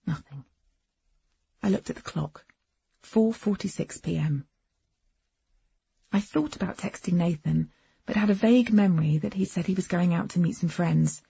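A woman giving expressive first-person audiobook narration, on a dull, dry recording. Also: lowish voice, moderate pace, vocal fry, pauses often, slightly rough, dry recording.

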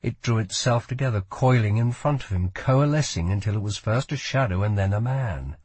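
A man narrating a fantasy audiobook with slow, expressive storytelling. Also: on the low side, breathy edge, dry recording. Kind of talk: scripted narration.

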